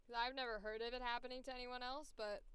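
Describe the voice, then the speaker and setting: Woman voice actor, candid and profane, hiccuping, smooth, dry close sound. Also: fairly high pitch, fairly even intonation, fast, a bit bright, no echo. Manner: candid, profane, self-deprecating. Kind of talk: casual audition commentary.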